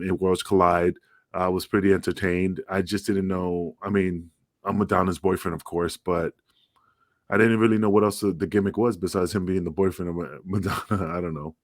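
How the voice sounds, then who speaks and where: A man's voice: sits low, no echo, studio quality. A man co-hosting a casual podcast, rambling through stories, swearing freely and acting out quotes. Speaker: podcast co-host, former wrestler.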